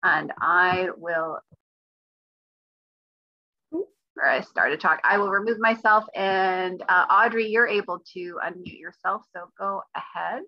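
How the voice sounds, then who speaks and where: A woman moderating an online group meeting in friendly casual talk, pausing often with fillers. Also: lowish voice. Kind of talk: casual video-call chat. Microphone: video call. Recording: muffled call audio.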